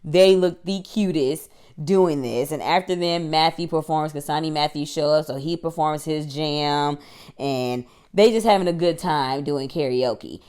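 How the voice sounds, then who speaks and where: A woman's voice: low voice, a little slow, a little mellow, smooth. A woman recapping a TV episode for her channel in a chatty, slangy way, laughing often. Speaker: YouTube TV reviewer.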